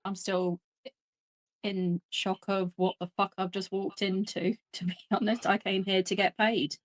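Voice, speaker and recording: A woman's voice: mid-range voice, flat delivery, measured pace, no echo. A woman playing a tabletop game, joking, swearing and laughing as she talks. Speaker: player. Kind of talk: casual game table chat.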